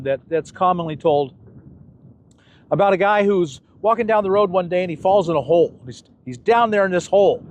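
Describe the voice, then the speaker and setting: An older man telling stories in a relaxed, folksy interview. His voice sits a little high, and he acts out the characters in his anecdotes. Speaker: channel host being interviewed. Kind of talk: casual storytelling interview.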